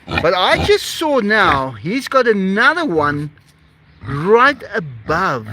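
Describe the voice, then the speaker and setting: A man with a high, lively voice chats on a phone stream outdoors among his farm animals. He talks slowly, with faint outdoor noise behind him. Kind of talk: casual live-stream chat.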